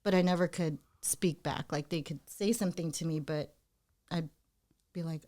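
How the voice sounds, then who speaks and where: A woman in her forties from the United States, a guest DJ telling stories in animated, chatty podcast talk. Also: sits low, moderate pace. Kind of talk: casual podcast chat.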